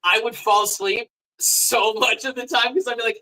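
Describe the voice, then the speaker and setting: A man's voice: sits high, steady tone, fairly quick, bright, forceful tone, poor audio. A recording artist in casual chat, reflecting at length on his song with many fillers.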